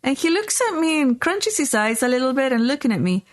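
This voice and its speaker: A woman's voice: high-pitched, big pitch swings, brisk. Middle-aged woman telling a story. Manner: rambling, anecdotal, many fillers and restarts. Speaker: podcast host. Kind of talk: casual storytelling chat.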